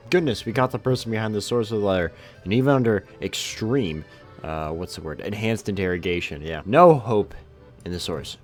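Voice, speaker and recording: A man giving casual, sarcastic let's-play commentary while playing a strategy game. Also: sits low. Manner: sarcastic, playful, exclaiming. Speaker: gaming YouTuber.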